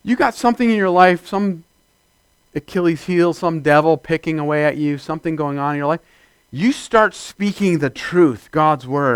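A man preaching a sermon, building from steady teaching to loud shouted amens. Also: a little high, moderate pace, clear, resonant tone, dry recording. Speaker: pastor.

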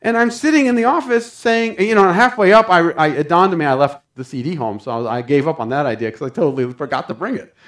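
A man's voice: fairly high pitch, quick pace, few pauses, fairly bright tone. A man preaching a sermon, telling stories fervently and calling his listeners saints. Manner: fervent, addresses congregation as saints. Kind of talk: sermon storytelling.

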